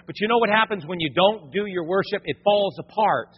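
Husky-voiced pastor preaching in a hall. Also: male voice, high voice, brisk. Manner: lively preaching with casual slang and acted-out quotes. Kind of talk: sermon. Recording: reverberant, dull lo-fi sound.

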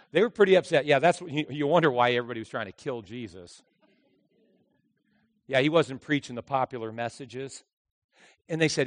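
A man preaching a sermon with passion, swinging from loud outbursts to hushed asides. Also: mid-range voice, expressive, brisk, pauses often, no echo. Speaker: pastor. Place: church.

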